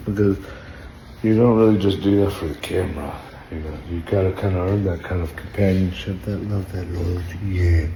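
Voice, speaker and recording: A sleepless man rambles into his phone camera at home late at night, drifting from low mutters to sudden loud outbursts. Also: a little hiss or hum. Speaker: social media personality. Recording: roomy echoey room, faint ambience.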